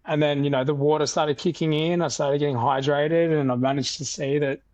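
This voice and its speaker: A young Australian man telling a story in a casual podcast interview, animated and loose with fillers and restarts. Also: fairly high pitch, fairly quick, dry recording. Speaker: podcast guest.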